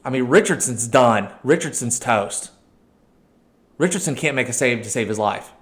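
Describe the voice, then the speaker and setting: A man hosting a let's-play, commentating a match with excitable outbursts, shouting at his players and correcting himself. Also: medium pitch, moderate pace. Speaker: video game channel host.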